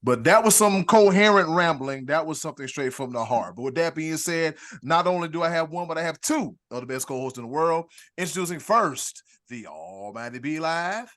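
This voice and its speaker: A man hosting a casual sports podcast, rambling warmly and hyping up his co-hosts with big introductions. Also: fairly high pitch, brisk, few pauses. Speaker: podcast host.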